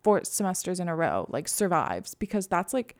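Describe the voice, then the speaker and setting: A woman's voice: fairly low pitch, sing-song, normal speed, darkish tone. Chatty young woman podcast co-host. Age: young adult. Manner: chatty, lots of "like" fillers, upbeat. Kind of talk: casual chat.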